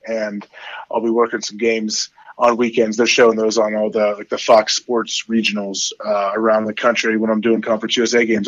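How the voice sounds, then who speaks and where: A man's voice: medium pitch, no room sound, lo-fi sound. Man in his forties, casual guest chat, rambling, lots of fillers, dry close sound. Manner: rambling, fillers, animated when quoting his kids. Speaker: podcast guest, former football player.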